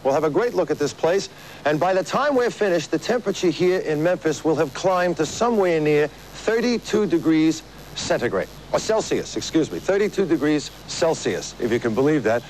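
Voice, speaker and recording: A man's voice: fairly high pitch, animated, normal speed, darkish tone, slight background noise, low-quality recording. A man hosting a live TV variety show outdoors, chatting and joking through his opening monologue. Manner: chatty, joking, laughs at his own gags. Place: outdoors on location.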